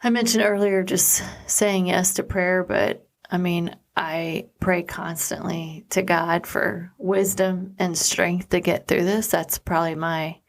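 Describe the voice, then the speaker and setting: A woman co-hosting a podcast with her husband, talking things over in a casual, earnest way. Her voice sits low and carries a steady gravelly fry. She reflects as she talks and often pauses to find the right words. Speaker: podcast co-host. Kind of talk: casual chat.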